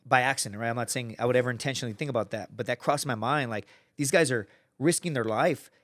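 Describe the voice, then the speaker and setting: Speaking quickly in a mid-range voice, a man from the United States shares a story as a guest on a podcast. His casual telling is full of profanity, and he animatedly performs the voices of the people he quotes.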